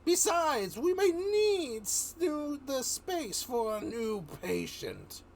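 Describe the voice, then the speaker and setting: A man voicing a gleeful, unhinged escaped asylum inmate in a read-aloud comic story, drawn-out and giddy. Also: sing-song, creaky, slight background noise, exaggerated voice. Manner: drawn-out, giddy, high-pitched.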